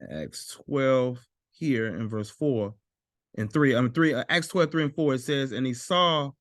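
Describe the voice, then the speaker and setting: A man teaching a Bible lesson while sharing his screen, slowly repeating and stressing Hebrew words. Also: medium pitch, no room sound, clean studio sound. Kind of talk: screen-share scripture lesson.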